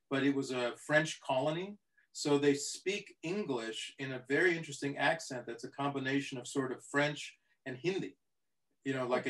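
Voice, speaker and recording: A man, an actor being interviewed, telling stories in an animated way and briefly mimicking other people. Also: medium pitch, poor audio. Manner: animated anecdotes, mimics voices, chuckles. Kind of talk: conversational interview storytelling.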